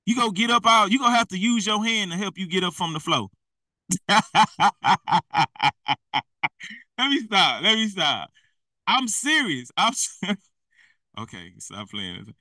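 A man's voice: high voice, lively intonation, brisk, sharp tone, no room sound, distant mic, rough recording. A man preaching in a blunt, slangy, exhorting way, often laughing at himself. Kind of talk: fiery street-style preaching.

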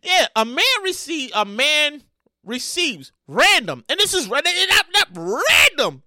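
Excitable high-voiced woman hosting a podcast. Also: slow, dry recording, studio quality. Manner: excitable, loud exclamations, laughs often; rambling storytelling with restarts. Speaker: podcast host. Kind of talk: casual solo podcast commentary.

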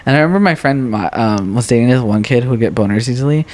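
Young man telling animated, sweary stories. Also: medium pitch, quick pace. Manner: animated storyteller, swears freely. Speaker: podcast guest. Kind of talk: casual chat.

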